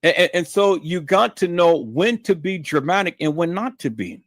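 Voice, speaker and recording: Addressing his audience as "peoples," this YouTube live stream host rambles repetitively through a livestream monologue, sliding from low mutters to high shouts for emphasis. He's expressive at normal speed, recorded in clean studio sound without room sound.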